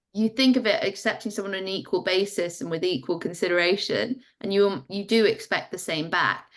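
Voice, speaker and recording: A woman from England with an English accent, talking thoughtfully on a podcast and acting out everyday examples. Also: mid-range voice. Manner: thoughtful, explains with acted-out examples. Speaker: podcast guest or co-host. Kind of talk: casual conversational podcast talk.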